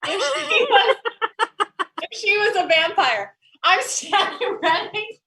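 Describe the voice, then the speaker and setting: A woman's voice: very high voice, animated, takes it slowly, pushed and bright. A young woman doing playful stand-up over a video call, laughing at her own jokes. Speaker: comedian.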